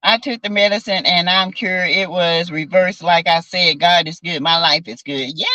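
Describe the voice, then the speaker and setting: A woman with a Southern American accent, telling stories in a sassy, animated casual chat, swearing and calling listeners honey and baby. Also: fairly low pitch, a little slow, few pauses, no room sound, lo-fi sound. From South Carolina. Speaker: vlogger chatting with live viewers.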